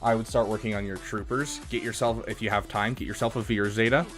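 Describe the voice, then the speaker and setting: Low-voiced male streamer, chatty. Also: fairly even intonation, brisk, fairly bright tone, soft background music. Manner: chatty, thinks aloud, frequent fillers. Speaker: streamer reviewing game accounts. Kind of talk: casual live-stream commentary.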